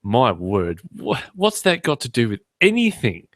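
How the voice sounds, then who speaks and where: A man's voice: medium pitch, wildly swooping pitch, measured pace, fairly bright tone, no room sound, studio quality. A man hosting a podcast in casual chat, cracking irreverent jokes. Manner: joking, irreverent banter. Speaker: podcast host.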